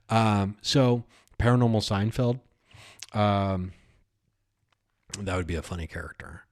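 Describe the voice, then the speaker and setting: Giggly rambling man with a lowish voice. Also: a little slow, pauses often, a little mellow. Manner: rambling, giggly, talks to imaginary characters. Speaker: podcast host. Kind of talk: improvised comic monologue.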